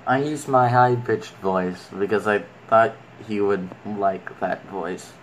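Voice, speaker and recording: A man's voice: on the low side, slow pace, slight background noise, rough recording. A man giving casual commentary while playing a video game, rambling and talking fondly to the creatures on screen.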